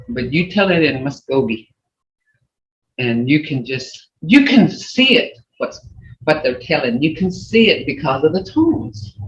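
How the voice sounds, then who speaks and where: A language teacher on a video call who repeats words and swoops the pitch to show tones. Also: a bit bright. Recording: roomy, dull lo-fi video call audio.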